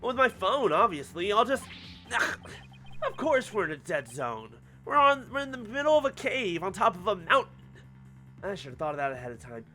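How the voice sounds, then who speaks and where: A performer voicing an earnest young male lawyer in a fan voice-over of a story game, quick to get flustered. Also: mid-range voice, very animated, sharp tone, faint music behind.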